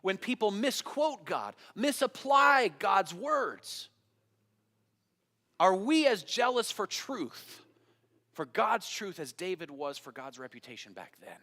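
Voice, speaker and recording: The long hall reverb of a church surrounds this pastor's sermon. His voice is high and bright with a pushed quality, swinging widely in pitch as he moves slowly through a dramatic Bible story in the sanctuary, acting out its voices and questioning the congregation.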